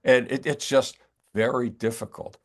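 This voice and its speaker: A man's voice: mid-range voice, flat delivery, moderate pace. An older man from the New York area, an author telling his story in a wry, rambling interview chat. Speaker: author guest.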